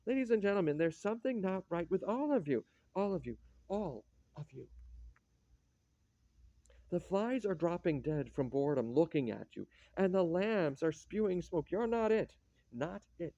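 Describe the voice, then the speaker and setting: A man performing a stage play as a reading, in an expressive, theatrical manner. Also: high-pitched, moderate pace, no echo. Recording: dull lo-fi dry recording.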